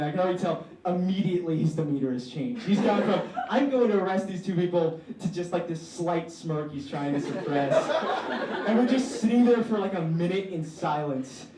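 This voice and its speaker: A young man telling a story in a stand-up comedy set, animated and theatrical. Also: a little high, moderate pace, far from the mic, crowd noise. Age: young adult. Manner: animated, theatrical, shouting when quoting himself. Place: comedy stage in a room with a live audience. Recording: echoey room, mic from afar, audience laughter.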